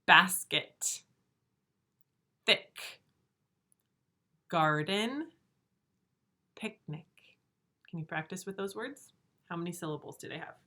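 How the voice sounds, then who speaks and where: A woman teaching first graders in a recorded video lesson, speaking slowly and clearly, stretching words out and asking patient, encouraging questions. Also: on the low side, lively intonation, pushed and bright. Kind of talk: remote video lesson for young children.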